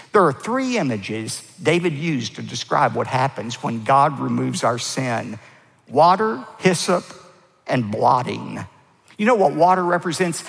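A man preaching a sermon as pastor, stressing key words with rising pitch and letting phrase ends fall low. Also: creaky. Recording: long hall reverb.

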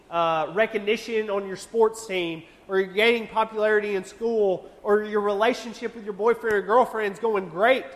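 A young man leads a youth sermon in a high, earnest voice. He talks to the room conversationally and presses his point with repeated questions. The sound carries a long reverb from a church hall. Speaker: youth pastor.

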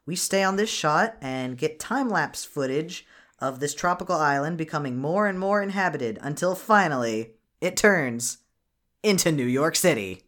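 A podcast host talking through a cartoon plot, dry and sarcastic, tossing off jokes as the story goes. The voice sits at a middle pitch and the delivery is relaxed and conversational. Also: moderate pace. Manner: wry, sarcastic recapping with frequent laughs. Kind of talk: casual movie recap chat.

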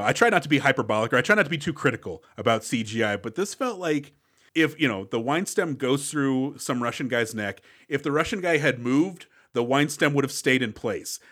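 A man on a movie podcast, recapping scenes with a wry, easygoing delivery. His voice is bright and forward, at a middle pitch. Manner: recaps plot, wry, sometimes does voices. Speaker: podcast co-host. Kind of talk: casual movie-review chat.

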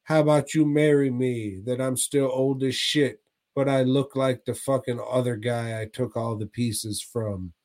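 A man's voice: medium pitch, fairly even intonation, measured pace, darkish tone, natural voice. A man voicing a lecherous old man who is crude and full of swearing. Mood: boastful. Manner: crude, profane.

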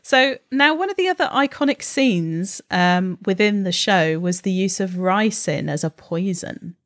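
A woman's voice: mid-range voice, lively intonation, unhurried, a bit bright, no echo. Woman co-host explaining science, dry sound. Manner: friendly, explanatory, asks tag questions. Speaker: podcast co-host, science communicator. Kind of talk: casual podcast chat.

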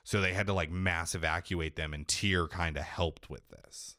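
Deep-voiced man rambling casually. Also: steady tone, moderate pace, sharp tone, no room sound, clean studio sound. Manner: rambling, profane, heavy filler 'like'. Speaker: podcast co-host recapping a video game. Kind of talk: casual chat.

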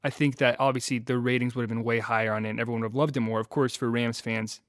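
A man hosting a casual sports podcast who tells stories in an animated way. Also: medium pitch, quick pace, no echo, studio quality.

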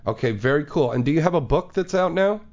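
Playful male radio host, lively pitch. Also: fast talker, lo-fi sound. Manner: joking, playful, teasing. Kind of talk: live call-in radio banter.

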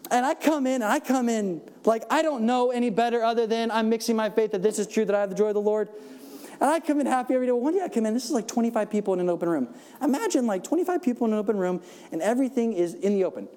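A man preaching in the style of lively storytelling, laughing often and acting out the voices of people in his stories. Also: very high voice. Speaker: church speaker. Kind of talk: sermon storytelling.

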